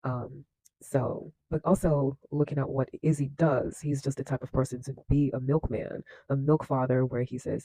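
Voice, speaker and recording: A man's voice: mid-range voice, fairly even intonation, moderate pace, warm tone, no echo, rough recording. A man recapping and commenting on a film in a casual, chatty way, laughing often and leaning on fillers. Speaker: film reaction host.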